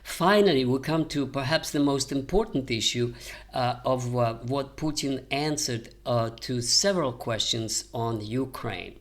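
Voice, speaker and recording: Older guy historian talking politics, lots of uhs, calm lecture tone. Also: mid-range voice. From American. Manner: measured, many "uh" fillers, lecturing. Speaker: historian commentator. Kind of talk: unscripted political commentary.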